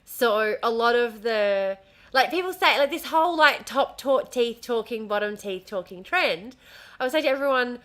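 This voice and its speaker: Bright-voiced chatty Australian woman. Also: on the high side, animated, normal speed. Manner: chatty, swears freely, speaks with a smile. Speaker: streamer. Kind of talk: casual livestream chat. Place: home room. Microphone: desk mic at home.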